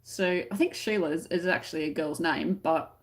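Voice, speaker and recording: A woman's voice: deep voice, normal speed. Aussie woman chatting on her crochet livestream, giggly, explaining slang to viewers. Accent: Australian. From Australia. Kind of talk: casual livestream chat reading comments.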